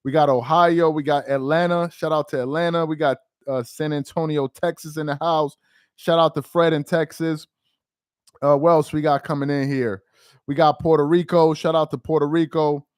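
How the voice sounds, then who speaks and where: A man's voice: a little high, fairly even intonation, normal speed, a little mellow, clean tone, no echo, clean studio sound. A man hosting a casual sports livestream, talking in a dejected, rambling way with lots of repetition. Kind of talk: casual live-stream chat.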